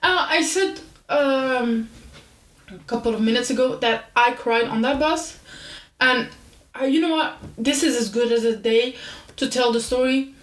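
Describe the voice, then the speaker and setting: A woman's voice: a little high, unhurried, echoey room. Chatty young woman telling a story. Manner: chatty, animated, self-deprecating. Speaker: podcast host. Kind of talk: casual storytelling.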